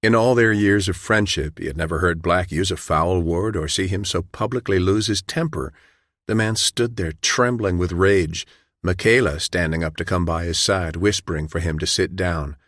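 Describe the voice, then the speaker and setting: A man narrating an audiobook in a measured, even storytelling way. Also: low voice, no room sound, studio quality. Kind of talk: scripted narration.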